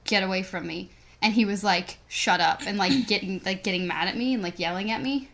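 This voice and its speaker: A young woman in her teens talks through a story in a loose, rambling way. Her voice sits at a middle pitch, and she leans on "like" almost every few words. This is relaxed podcast chat between co-hosts. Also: fairly quick. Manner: rambling, says "like" constantly. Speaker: podcast co-host.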